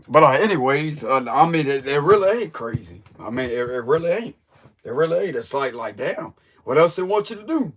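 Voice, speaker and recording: A man's voice: fairly high pitch, animated, normal speed, a bit bright, slightly rough. A man who reads tarot, telling a story in a loose, joking way full of slang. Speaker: tarot reader. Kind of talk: casual storytelling chat.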